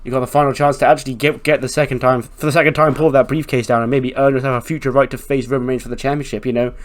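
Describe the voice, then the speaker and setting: A man's voice: medium pitch, level tone, rapid-fire, natural voice. A man voicing an eager, chatty female backstage interviewer.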